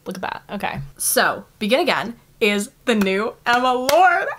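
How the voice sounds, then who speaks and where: A woman's voice: on the high side, moderate pace, background noise. Gushing young woman vlogger. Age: young adult. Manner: gushing and excitable, swears casually, frequent "like". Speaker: book vlogger. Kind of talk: casual vlog chat.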